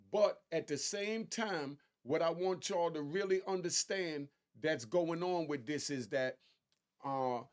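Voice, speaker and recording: A man hosts a casual talk commentary with a fairly high voice. He talks straight to his audience in a loose, conversational way. On key points he gets animated and his pitch climbs sharply. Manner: conversational, addresses viewers directly. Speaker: commentary host.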